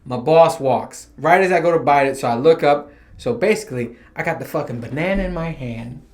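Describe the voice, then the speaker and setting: This podcast host, a man with a voice a little higher than typical, chats casually and briskly on his solo show. He drifts from story to story, cursing freely and laughing often.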